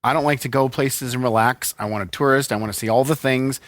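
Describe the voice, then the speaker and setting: A man's voice: medium pitch, fairly even intonation, fast, no echo. A man co-hosting a podcast in casual chat, teasing and joking with his partner. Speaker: podcast co-host.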